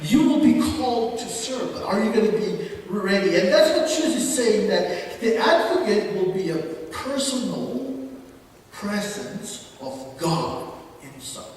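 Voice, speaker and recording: A man's voice: high voice, sing-song, unhurried, darkish tone, recorded from a distance, a little hiss or hum. Micronesian man preaching in an echoey hall. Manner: earnest, repeats phrases, many restarts. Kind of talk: sermon. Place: church hall.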